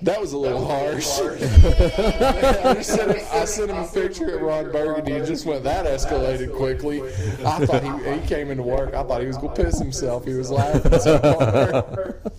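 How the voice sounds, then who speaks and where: A man's voice: a little high, moderate pace, loud music behind the voice. A man telling a crude, joking story during a casual chat among friends. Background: friends chatting and laughing.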